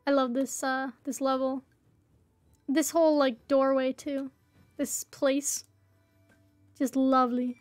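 A high-pitched woman streams a game and chats away to her viewers in an easygoing, unhurried way. She playfully begs other players for help, and her voice sounds close and dry. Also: flat delivery, a little mellow, no room sound, faint music behind. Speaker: livestreamer. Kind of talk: casual gameplay livestream chat.

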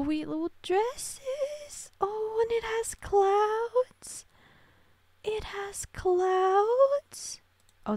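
A woman's voice: medium pitch, vocal fry, darkish tone, no echo. A young woman giving casual, gushing commentary while playing a computer game, cooing over tiny characters. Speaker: gaming creator.

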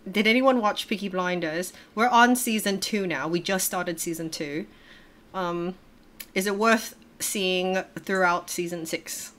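A woman's voice: on the low side, a little slow, fairly bright tone. Young woman, livestream host, casual chat, laughs a lot, swears, at her home desk.

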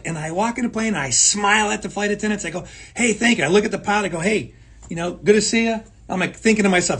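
A man with a high, husky voice co-hosts a talk show. He speaks emphatically in a motivational chat, driving home points by repeating them. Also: fast talker, fairly bright tone. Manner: emphatic, repeats phrases, acts out quoted people. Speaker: co-host.

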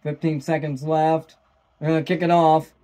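A man giving casual live play-by-play commentary as a fan, excitable and bursting into shouts at big plays. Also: a little high, normal speed. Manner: casual fan talk, repeats "wow". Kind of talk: amateur live sports commentary.

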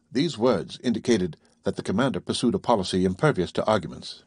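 A man reading a classic novel aloud as first-person audiobook narration, at an even, measured pace. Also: lowish voice, husky, no echo, studio quality.

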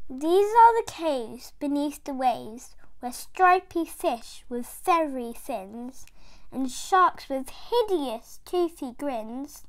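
A woman's voice: high-pitched, takes it slowly. A woman reading a rhyming bedtime story aloud, with a lilting, rhythmic delivery. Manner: rhythmic rhyming read-aloud, lively character voices.

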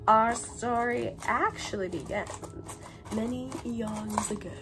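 A woman's voice: medium pitch, normal speed, a bit bright, faint music behind. A woman in her twenties chatting casually as she unboxes gifts, bubbly and gushing, a little sick with a cough. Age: 20s. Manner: bubbly, gushing, breaks into brief song bits. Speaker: YouTuber unboxing a swap package.

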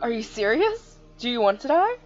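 A woman voicing a furious, hot-tempered handcuffed captive who shouts threats at a partner. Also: low-pitched, steady tone, very slow, muffled recording, faint music behind.

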